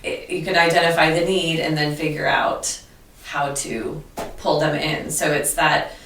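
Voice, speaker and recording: Brief: earnest woman teacher, deep voice, roomy distant recording. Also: unhurried, a little hiss or hum. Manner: earnest, animated storytelling with restarts. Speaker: teacher, interview guest. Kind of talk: conversational interview. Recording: echoey room, distant mic.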